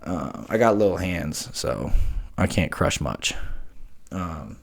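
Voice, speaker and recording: A man's voice: low-pitched, sing-song, slow, gravelly. A young man talking frankly in casual chat on his own vlog, slangy and laid-back. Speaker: vlogger host.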